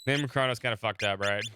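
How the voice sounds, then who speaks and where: A man with a sore throat, still recovering from illness, chats casually on a live game stream and reads the game's story text aloud. His medium-pitched voice moves a little fast over background noise. Between readings he talks to chat and laughs often.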